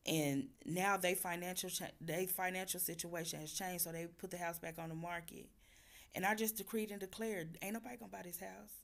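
A woman, hoarse from losing her voice, talking fervently to her viewers about faith and repeating phrases like a preacher. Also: lowish voice, fairly even intonation, moderate pace, a bit bright. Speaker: vlogger. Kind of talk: casual faith talk to viewers.

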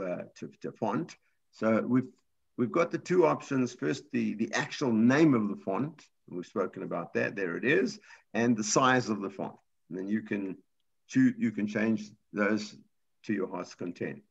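A man teaching a live computer class, explaining each step patiently and often starting his sentences over. His voice is gravelly and a little husky, at an ordinary pitch. The sound is dull and lo-fi, like audio from an online class.

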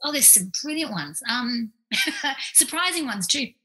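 Her voice sits high and her delivery is unhurried, though the recording quality is low. She is an Australian clinical psychologist in her forties, interviewed on a podcast, who tells lively anecdotes and acts out the voices of the people in them.

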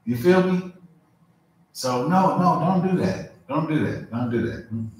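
Guy preaching casual sermon, kinda high voice, lots of "you feel me", super echoey room. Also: measured pace, slight background noise. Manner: informal, asks "you feel me?"; animated, with asides and restarts. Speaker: pastor. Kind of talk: conversational sermon. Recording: very echoey room, mic far off.

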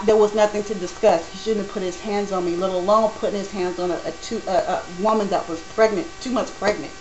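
Animated woman telling a personal story. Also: mid-range voice, slight background noise, low-quality recording. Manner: animated, acts out quoted dialogue.

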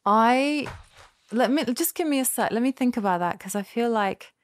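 A woman guest performer chatting casually in an interview, animated and playful. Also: a little high, moderate pace, dry recording. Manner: animated, playful, breaks into character voices.

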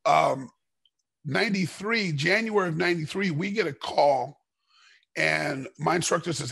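A middle-aged man with a very raspy, gravelly voice tells his stories with animated energy, slipping into the voices of the people in them. The sound is dry and close, with no room around it. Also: on the high side, unhurried, dry recording. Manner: animated storyteller, acts out dialogue. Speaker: podcast guest, former fighter. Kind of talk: casual storytelling interview.

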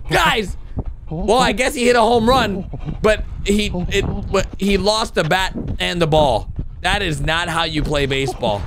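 A man hosting a reaction video, commenting in a casual, excitable, exclamatory way and talking straight to his viewers. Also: high-pitched, unhurried, noisy background.

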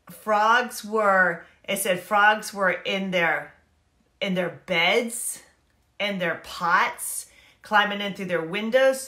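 A woman giving a casual, animated Bible talk, chatty and acting out characters in quick asides. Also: mid-range voice, echoey room. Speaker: Bible teacher and life coach. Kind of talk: casual Bible teaching to camera.

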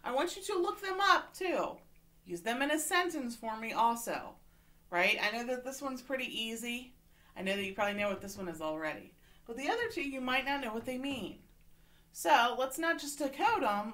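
Woman teacher, slightly high voice, patient and encouraging, walking children through a reading lesson online. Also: lively intonation, normal speed, fairly bright tone. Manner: encouraging, patient, repeats "okay?" to check in.

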